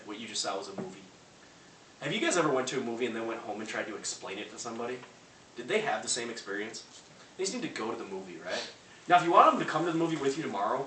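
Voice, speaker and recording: A man giving a loud, punchy sales pep talk to a live audience, acting out phone calls. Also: mid-range voice. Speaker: motivational speaker. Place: large room before a live audience. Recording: echoey hall from far off, faint noise.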